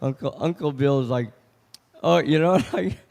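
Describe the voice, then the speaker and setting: A man's voice: a little high, moderate pace, creaky, a little mellow. A man at an open mic doing a short comedy set, self-deprecating, chuckling and restarting his sentences as he goes. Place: outdoor stage.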